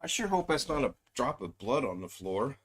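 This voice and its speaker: A man's voice: mid-range voice, very animated, normal speed, slight background noise. A man hosting a casual live stream, chatting loosely and reading out viewers' names. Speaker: livestream host.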